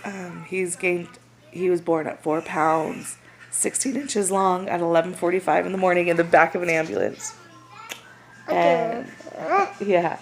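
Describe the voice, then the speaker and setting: A young woman, casually retelling a story and acting out what others said in lively voices. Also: fairly low pitch, unhurried. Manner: animated, acts out quotes of others. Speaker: new mother. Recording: noisy home recording.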